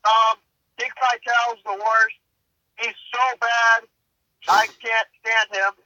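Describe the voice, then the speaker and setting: A man hosting a casual sports podcast, briskly steering through segments and picks. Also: very high-pitched, little pitch movement, bright, forceful tone, muffled recording. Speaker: podcast host.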